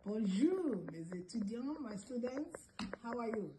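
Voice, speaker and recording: A woman who is a French teacher giving a greetings lesson, repeating phrases slowly for learners and sometimes singing short lines. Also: on the high side, expressive, background noise.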